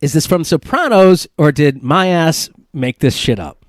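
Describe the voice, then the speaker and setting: A man's voice: a little high, lively intonation, normal speed, no room sound, studio quality. A man hosting a comedy podcast, playful and profane, running a quiz game with his guests. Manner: playful, swears freely, runs a game. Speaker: podcast host. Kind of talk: casual comedy chat.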